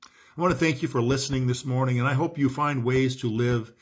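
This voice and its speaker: A man preaching as a pastor, speaking earnestly and calmly to his congregation. His pitch sits in the middle range for a man, and his manner is pastoral and encouraging. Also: fairly quick. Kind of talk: recorded sermon message.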